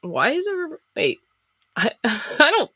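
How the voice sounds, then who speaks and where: A bright, forward voice with a slight Southern drawl from Florida, talking easily and hedging often. The sound is close and dry. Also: high-pitched, sing-song, slow pace, no room sound. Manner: easygoing and unsure, hedges a lot. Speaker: guest, video maker. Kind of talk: casual conversation.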